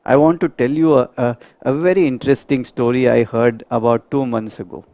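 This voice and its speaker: A middle-aged man, a homeopath giving a spiritual lecture to a live group, earnest and measured, often putting rhetorical questions to his listeners. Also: medium pitch, steady tone, mellow, dry recording.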